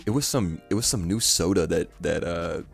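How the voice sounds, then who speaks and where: A man's voice: low voice, normal speed, vocal fry, soft background music. A young man streaming casually, talking in loose slang and laughing often. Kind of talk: casual live-stream chat.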